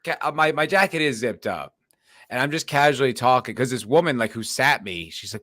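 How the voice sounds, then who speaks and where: A man of middle pitch tells a story on a casual podcast, laughing and swearing as he goes. His voice sits in a dry, close-miked room. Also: fast talker, no room sound. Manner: animated storyteller, swears often, laughs through his telling. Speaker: podcast co-host.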